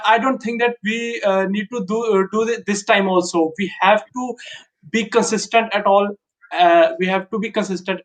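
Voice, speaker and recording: Male fan guest, high pitch, keen, hesitant. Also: a bit bright, low-quality recording. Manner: enthusiastic, halting, repeats himself. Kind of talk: casual fan chat.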